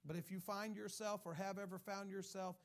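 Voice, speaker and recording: A man's voice: high voice, level tone, a little fast. A man preaching a sermon with emphatic delivery, reading scripture and mimicking people's excuses. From has Irish ancestry. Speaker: pastor.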